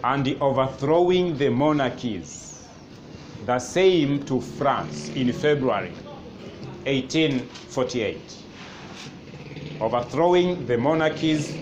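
A male history teacher dictates notes to a class, slowly repeating each phrase. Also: medium pitch, animated. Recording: noisy classroom ambience.

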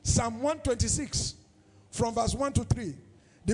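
At a church service, a Nigerian-accented pastor delivers his sermon in a sing-song manner, tossing questions to the congregation. His very high-pitched voice moves a little slowly with frequent pauses, and the recording has a big-room sound.

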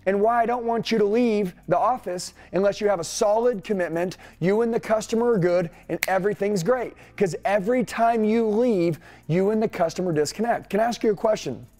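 High-voiced, punchy male sales coach. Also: brisk, few pauses. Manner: energetic, punchy, rhetorical questions. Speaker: sales trainer.

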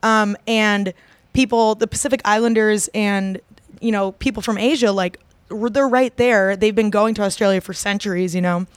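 Chatty woman with a smooth voice. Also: medium pitch, fairly even intonation, normal speed, no echo. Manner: rambling, many fillers and restarts. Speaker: podcast co-host. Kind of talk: casual chat.

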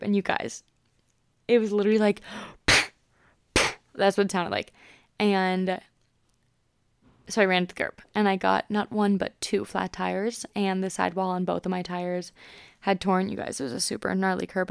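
Twenty-something girl podcasting, super casual and chatty, pretty flat melody, dry close sound. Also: mid-range voice, vocal fry, clean tone, no room sound. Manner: chatty, upbeat, many "like" fillers. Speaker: podcast host. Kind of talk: casual solo podcast talk.

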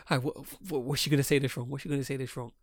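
A man's voice: medium pitch, little pitch movement, rapid-fire, close to an everyday voice. A man voicing an anxious young groom from a soap opera, pleading and agitated.

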